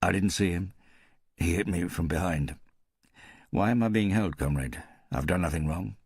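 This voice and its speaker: A man's voice: sits low, moderate pace, darkish tone, breathy edge, no echo, clean studio sound. A man voicing a wary, insistent arrested police captain. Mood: protesting.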